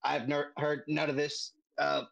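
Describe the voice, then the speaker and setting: A man's voice: a little high, monotone, measured pace, gravelly, a bit bright, heavily acted, low-quality recording. A man voicing a confused, panicky goblin captive who stammers. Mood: panicked.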